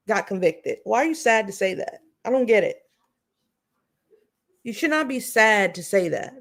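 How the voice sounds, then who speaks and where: Brief: woman streamer with a gravelly edge, chatty commentary host reading letters aloud. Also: medium pitch. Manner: chatty, reads letters then questions them directly.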